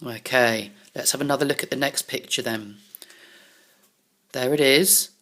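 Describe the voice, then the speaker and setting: A woman's voice: rumbling low, unhurried, fairly bright tone. A woman teaching young pupils in a recorded lesson, talking to them in an encouraging way. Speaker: primary school teacher. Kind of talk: recorded online lesson for children.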